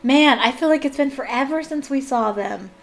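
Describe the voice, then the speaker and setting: Animated woman reading a novel aloud. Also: high voice, moderate pace. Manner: animated, exclaiming asides. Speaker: YouTube reader.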